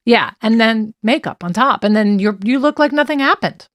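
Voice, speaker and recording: A woman's voice: fairly high pitch, animated, normal speed, a bit bright, dry recording. A woman co-hosting a casual true-crime podcast, animatedly retelling events with restarts and quoting texts in a raised voice. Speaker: podcast co-host.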